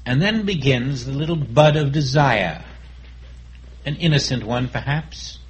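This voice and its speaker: A man giving a sermon as a spiritual teacher, speaking in a calm, reflective way and acting out inner dialogues. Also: medium pitch, unhurried, rough recording.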